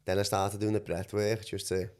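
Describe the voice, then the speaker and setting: Laid-back man, low voice. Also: flat delivery, normal speed, darkish tone, clean tone. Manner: rambling, laughs a lot, heavy slang. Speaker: podcast guest, breathwork coach. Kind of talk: casual chat.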